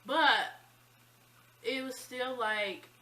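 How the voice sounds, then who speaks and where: A woman in her twenties telling a personal story in a chatty, animated vlog style. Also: sits high, very slow, rough recording. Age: 20s. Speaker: vlogger. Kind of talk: casual storytime.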